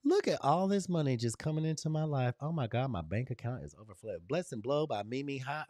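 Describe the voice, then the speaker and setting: A man's voice: medium pitch, lively intonation, fast talker, few pauses, a loud crowd, heavy background noise. A man hosting a live online stream, chatting animatedly with viewers, greeting them by name and giving motivational pep talks. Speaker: livestream host. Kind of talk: lively livestream chat with viewers.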